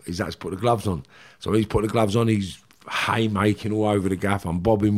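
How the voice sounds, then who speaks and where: A man's voice: lowish voice, steady tone, fairly quick, darkish tone. A man, a guest in a casual interview, telling a story animatedly and swearing often while he acts out what others said.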